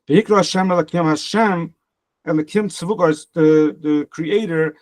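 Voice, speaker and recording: A man's voice: on the high side, moderate pace. A man. He works phrase by phrase, translating and repeating himself as he goes, then explains with everyday examples. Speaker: Talmud teacher. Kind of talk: casual Gemara lesson.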